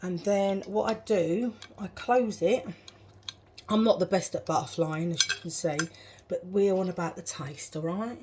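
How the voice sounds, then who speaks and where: Woman in her kitchen, slow unhurried chat, talks through each cooking step, dishes and cutlery clattering behind. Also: lowish voice, a little mellow. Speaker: home cook vlogger. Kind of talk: casual cooking narration. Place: home kitchen. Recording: kitchen clatter noise in background.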